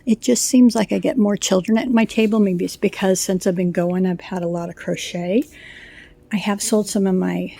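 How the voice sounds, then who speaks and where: Chatty, gushing woman with a mellow voice. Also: medium pitch, steady tone, moderate pace, vocal fry. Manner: gushing, chatty, rambling with fillers. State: slightly out of breath. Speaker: crochet vlogger. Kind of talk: casual show-and-tell chat.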